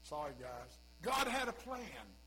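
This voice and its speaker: A man's voice: on the high side, very animated, measured pace, pushed and bright, slight background noise, low-quality recording. A male pastor preaching a sermon in a folksy, conversational way with humorous asides.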